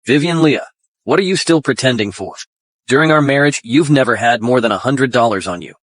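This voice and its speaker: A man's voice: mid-range voice, expressive, a little fast, a bit bright, no room sound. An actor playing a greedy young man who sneers at the poor and fawns on the rich, in an English drama dub. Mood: sneering.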